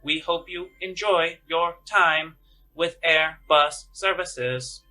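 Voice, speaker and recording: A man voicing a starship's public address announcer making a slow, formal announcement in a tabletop game. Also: fairly high pitch, pushed and bright, pitched above the performer's own voice, full character voice, low-quality recording.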